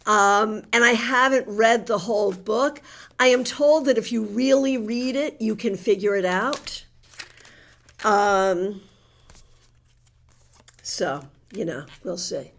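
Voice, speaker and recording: A woman's voice: medium pitch, slow pace, pauses often. A woman with a New England accent, a tarot reader chatting with her live audience and giving card readings in a friendly, teasing way. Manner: chatty, warm teasing with frequent laughter.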